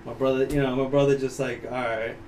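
A man from Ukraine, a native Ukrainian speaker, telling a story as a podcast guest in an animated, profane way, laughing often. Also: mid-range voice, fast. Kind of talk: casual storytelling. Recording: distant mic, faint background noise.

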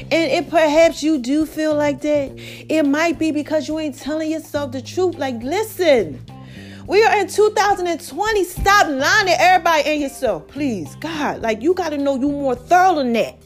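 A woman hosting a casual motivational podcast, preachy and animated, her voice cracking and tired. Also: sits high, normal speed, soft background music. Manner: preachy, animated, calls listeners baby and child. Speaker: podcast host.

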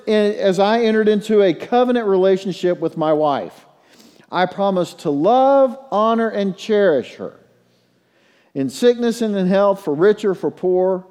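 A middle-aged man preaching a sermon as a pastor, telling stories and leading prayer in a hushed low voice. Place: church sanctuary. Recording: long reverb in a large hall.

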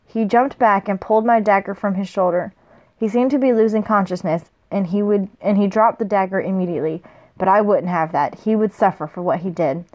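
A woman reads a first-person novel aloud in a casual, unpolished way, at a medium pitch. She stumbles on a word now and then and goes back to fix it. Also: brisk, darkish tone, highs cut off. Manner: plain reading, with slips and self-corrections. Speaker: reader.

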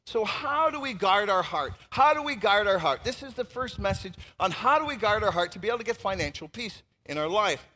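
A man preaching a sermon as pastor, animated and emphatic, swinging between loud outbursts and hushed asides. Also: sits high, brisk, few pauses, big-room sound.

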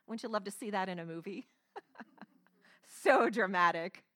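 A woman's voice: medium pitch, animated, measured pace, vocal fry, pushed and bright, dry recording, studio quality. A woman pastor preaching a sermon, telling the story dramatically and acting out the quotes.

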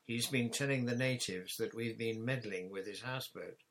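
A man's voice: medium pitch, moderate pace, a bit bright, a little hiss or hum, close to an everyday voice. A man voicing a serious, earnest boy who plays ship's captain, speaking solemnly.

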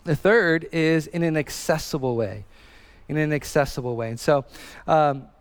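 The pastor's voice sits on the high side and moves at a moderate pace. He's a man in his thirties preaching earnestly and conversationally, with many fillers and restarts, in a hall full of reverb.

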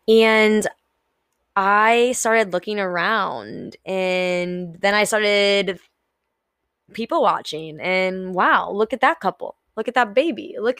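A woman's voice: medium pitch, fairly bright tone, no echo, clean studio sound. A young woman hosting a solo podcast, talking frankly and casually, swearing freely and acting out her own inner voice. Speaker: podcast host.

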